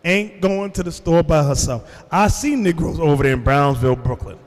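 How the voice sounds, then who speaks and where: New guy preaching in a hall, high voice, tells stories straight to the room, echoey. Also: moderate pace. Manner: animated storytelling, addresses the room directly. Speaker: religious teacher. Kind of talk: sermon to a congregation.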